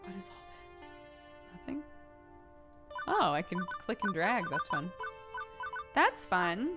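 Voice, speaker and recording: A woman's voice: medium pitch, very animated, takes it slowly, over loud music. A woman streamer with a sore throat, chatting casually with her audience, giggly and swearing freely.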